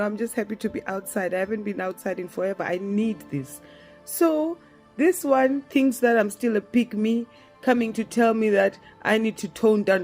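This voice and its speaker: A young woman talks through a storytime in a casual monologue. Her voice sits at an ordinary middle pitch and keeps jumping up as she laughs and acts out what people said. Faint music runs quietly behind her. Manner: animated, laughs often, acts out dialogue. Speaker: storytime vlogger.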